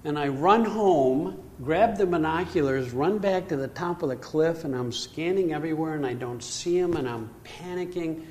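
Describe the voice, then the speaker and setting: An older man telling a personal story in an animated way, acting out his own panic. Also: fairly high pitch, moderate pace, few pauses, a little hiss or hum. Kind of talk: storytelling talk.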